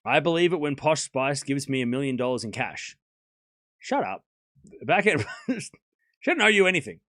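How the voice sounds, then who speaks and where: In a dry, clean studio recording, a man with a medium-pitched, fairly bright voice streams a live tennis watchalong at a moderate pace. Very animated and chatty, he cracks jokes, laughs a lot, calls the play casually, and playfully spars with chat.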